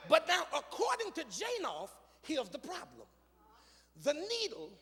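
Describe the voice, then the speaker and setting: A male pastor preaching a sermon, moving from quiet teaching into shouted, sung calls to the congregation. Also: very high-pitched. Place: large church sanctuary. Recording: long hall reverb with faint music.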